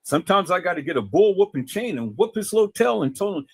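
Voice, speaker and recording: A man's voice: high voice, very animated, fast talker, gravelly, husky, no room sound. A man talking to his viewers in a casual, preachy way, often stammering and repeating words. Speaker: video host.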